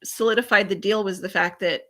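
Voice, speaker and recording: A woman guest in an interview, a business coach telling a candid, lively story and acting out what people said. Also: medium pitch, fairly quick.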